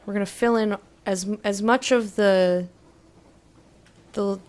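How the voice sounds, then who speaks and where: A woman's voice: medium pitch, steady tone, takes it slowly, a little mellow. A woman streaming a game, chatting casually with her viewers and reading their messages aloud, giggly and easygoing. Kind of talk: casual live-stream chat while playing.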